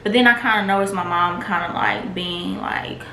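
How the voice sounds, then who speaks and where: A woman's voice: fairly low pitch, normal speed, sharp tone, soft background music. A woman vlogger candidly telling a personal testimony in a casual, filler-heavy way. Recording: echoey room with faint noise.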